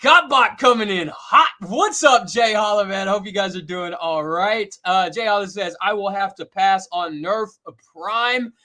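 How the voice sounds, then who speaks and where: A man hosting a casual live stream, reading out viewer comments in an excitable way, laughing often and filling pauses with "uh". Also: high-pitched. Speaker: host reading viewer chat.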